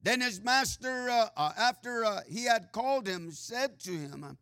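A man delivers a sermon in a high, bright voice, reading scripture in sing-song swells. He speaks slowly and fills his phrases with "uh" and "amen." The sound is dry and close. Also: expressive, clear, resonant tone, no room sound. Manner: frequent filler "uh" and "amen" asides. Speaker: preacher.

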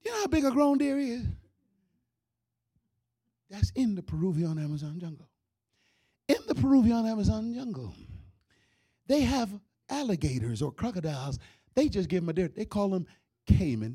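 A man telling a comic story in an animated way, with loud outbursts. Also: sits high, normal speed, pauses often, breathy edge, dry recording, studio quality. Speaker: comedian. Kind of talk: comedic storytelling.

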